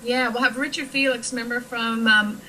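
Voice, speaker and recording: A chatty woman from Nebraska talking casually as a guest, her voice bright and clear and filled with "you know" and "um". There is a faint hiss of noise under the recording. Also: a little high, fairly even intonation, normal speed, poor audio. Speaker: paranormal investigator guest. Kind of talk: casual chat.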